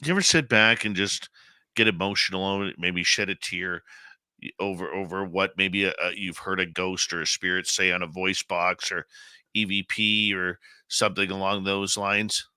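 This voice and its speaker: A man with a very low yet strikingly bright, forceful voice hosts a radio show. He tells a personal story in an emotional, heartfelt way. The recording is dry and close. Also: fairly even intonation, moderate pace, clean tone, dry recording. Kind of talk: conversational interview.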